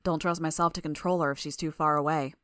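A woman's voice: low voice, fairly even intonation, fast, fairly bright tone, no room sound. A woman voicing a sardonic young man in a fan audiobook, teasing in a dry, lazy way. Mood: mocking.

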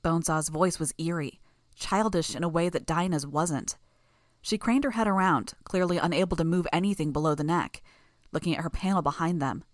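A woman narrating a fan audiobook in first person, reading in an even, steady way. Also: fairly low pitch, fairly quick, dry recording, studio quality.

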